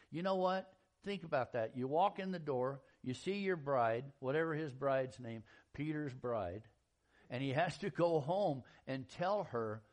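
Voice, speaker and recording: Folksy animated man preaching. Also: fairly high pitch. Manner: folksy, animated storytelling with jokes and acted-out quotes. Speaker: pastor. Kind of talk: sermon.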